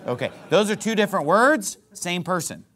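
A man's voice: sits high, sing-song, normal speed, a bit bright. A man preaching a sermon. He teaches in an emphatic, conversational way, often checking in with "okay?" and "right?".

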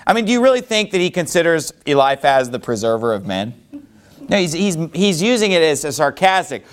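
Man, Bible teacher, animated classroom lesson, highish voice, very lively pitch. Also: brisk. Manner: animated, conversational, many fillers.

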